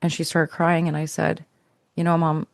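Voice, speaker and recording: Recounting a personal story on a podcast, this woman speaks at normal speed in a low, monotone voice with a gravelly edge. She reflects as she goes, restarting phrases and letting them fade out, and the recording is dry and close with no room sound.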